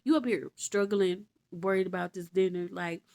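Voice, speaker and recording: A woman's voice: lowish voice, steady tone, normal speed, gravelly, a little mellow. A woman voicing a blunt, exasperated holy man who scolds people in sassy slang. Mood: scolding.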